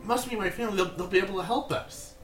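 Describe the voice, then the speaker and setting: Giddy childlike kalashtar man, as a man puts him on, high bright voice, stammering, roomy echo. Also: distant mic, faint music behind. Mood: excited. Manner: giddy, stammering, rapid repeats. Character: excitable nostalgic male Kalashtar, childlike.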